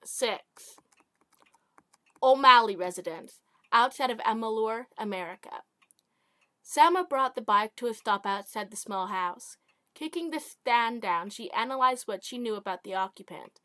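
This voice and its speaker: A woman's voice: fairly high pitch, lively intonation, measured pace, pushed and bright, no echo. A woman reading her own short story aloud, stumbling over words and correcting herself. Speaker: amateur author.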